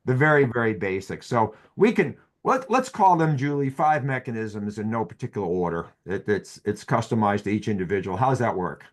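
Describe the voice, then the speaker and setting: A lower-pitched man with a Boston accent, talking through his ideas in a loose, rambling way. He restarts his sentences often and fills gaps with "you know", like a physician guest on a podcast. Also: brisk, hardly any pauses. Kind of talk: casual podcast talk.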